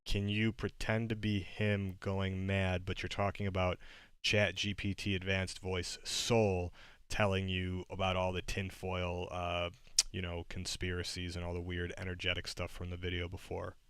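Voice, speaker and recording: Male streamer, very deep, flat and smooth, hesitant and casual. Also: normal speed, no room sound. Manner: hesitant, full of fillers and restarts. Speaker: streamer host. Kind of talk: casual livestream chat.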